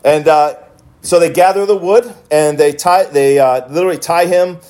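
A man's voice: a little high, normal speed, a little mellow. Man preaching a storytelling sermon. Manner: storytelling, retelling with many restarts. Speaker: pastor.

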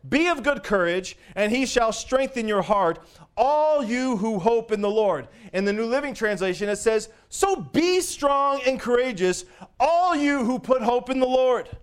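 A male pastor preaching a sermon, lively and swinging between loud declarations and hushed, soft asides, with frequent chuckles. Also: very high-pitched, unhurried, clear, resonant tone.

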